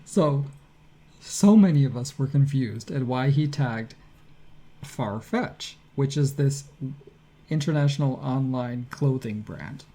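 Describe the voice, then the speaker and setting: A man co-hosting a casual podcast chat, talking in an animated way and reading tweets aloud in his own voice. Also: medium pitch, takes it slowly. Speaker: podcast co-host.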